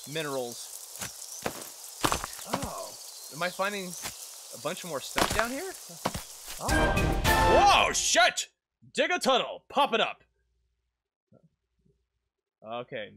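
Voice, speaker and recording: Guy playing a game and reacting out loud, voice jumps all over, loud game noise behind. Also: high voice. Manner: excitable, talks to himself and his game characters, swears when startled. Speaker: let's play gamer. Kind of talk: live gameplay commentary.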